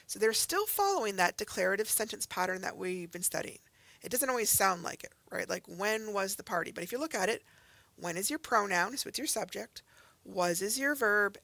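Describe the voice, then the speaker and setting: Woman teacher going thru grammar slowly, bit of gravel in her voice, dry close mic, keeps asking okay?. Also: mid-range voice, a bit bright, no echo. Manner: patient, explains step by step with example sentences; checks in with "okay?" and "right?". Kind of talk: recorded grammar lesson.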